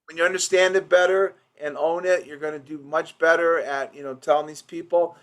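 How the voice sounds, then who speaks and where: A man's voice: fairly high pitch, fairly even intonation, a little fast, a bit bright. Rambling man coaching office staff. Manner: rambling, with many restarts and acted-out patient quotes. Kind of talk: informal training session.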